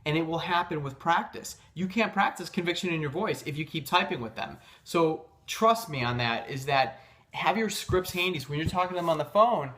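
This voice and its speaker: A man's voice: a little high, lively intonation, fairly quick, bright, forceful tone. A man giving a motivational sales-coaching talk, emphatic and insistent, with loose phrasing full of fillers and restarts. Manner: emphatic, insistent about conviction.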